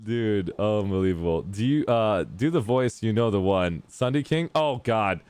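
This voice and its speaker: A young man streaming, chatting casually with friends on voice chat, excitable and rambling. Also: on the low side, moderate pace, clean tone, no echo. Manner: excitable, laughs often, rambling.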